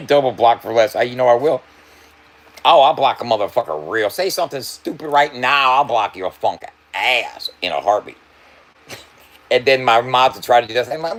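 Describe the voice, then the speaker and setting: A man's voice: mid-range voice, expressive, moderate pace, a bit bright. A man livestreaming and talking loosely to his chat, swearing freely and laughing often. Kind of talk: casual livestream banter.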